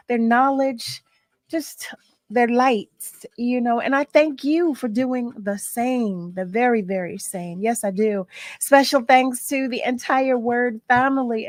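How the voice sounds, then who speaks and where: A woman's voice: on the high side, no room sound. Effusive woman radio host, dry studio. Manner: effusive, laughs often, repeats thanks. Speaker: radio talk show host. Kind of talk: warm, emotional radio talk.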